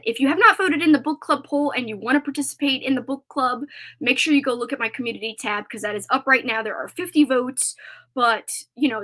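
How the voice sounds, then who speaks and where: A woman's voice: on the high side, fairly bright tone. A woman hosting a casual live stream, chatting in a rambling way with many filler words.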